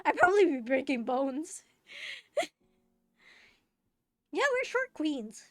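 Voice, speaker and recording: A young woman with a high, bright voice chats on her stream, laughing often and circling back through fillers and false starts. She is recorded close and dry, with faint music playing underneath. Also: big pitch swings, slow pace, no echo. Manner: giggly, rambling with many fillers and restarts. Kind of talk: casual chat while gaming.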